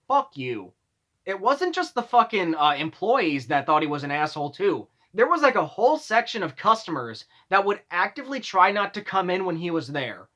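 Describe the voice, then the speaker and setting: A man's voice: high-pitched, a bit bright. A young man vlogging, telling workplace stories in a casual, exasperated rant full of swearing. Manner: profane, exasperated ranting.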